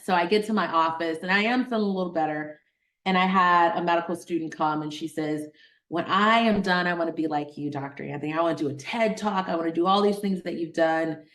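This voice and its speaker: A middle-aged woman physician from Detroit telling a personal story in an interview, animated, acting out the voices of people she quotes. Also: lowish voice, fairly quick. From Detroit, Michigan. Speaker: guest, physician.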